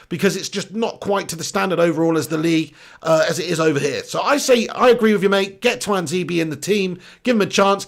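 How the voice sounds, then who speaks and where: A young English man hosts a live football chat and answers viewer comments. He talks bluntly and casually and swears freely. His voice sits high with a gravelly rasp. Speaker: football channel host.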